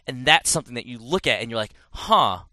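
A man's voice: medium pitch, very fast, bright, forceful tone, dry recording. A man in casual podcast chat, rambling and correcting himself as he reviews a game. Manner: rambling, self-correcting, chatty.

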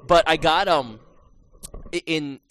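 A man hosting a podcast, telling an animated story in casual chat, with many restarts and fillers. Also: a little high, takes it slowly, a little hiss or hum. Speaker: podcast host.

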